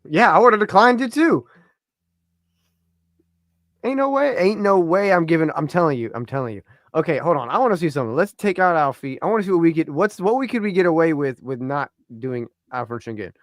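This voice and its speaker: Man, casual sports chat co-host, thinks aloud, trails off, lively pitch, dry sound. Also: a little fast, no echo. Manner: thinking aloud while running a trade simulator, trailing off and mumbling. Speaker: podcast co-host.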